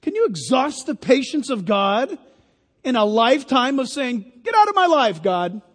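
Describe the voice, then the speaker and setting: A man's voice: very high-pitched, sing-song, normal speed, voice pushed up, heavily acted. A man voicing God rebuking a defiant man in an incredulous tone, in an echoing hall. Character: God, patient and scolding, speaking down to a man. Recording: long hall reverb.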